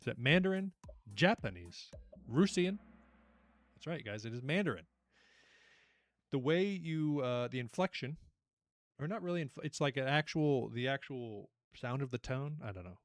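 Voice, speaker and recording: A young man hosting a casual online trivia night, chatty and animated as he reads out questions and reacts to the players. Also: medium pitch, normal speed, pauses often, dry recording, clean studio sound. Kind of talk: casual livestream quiz hosting.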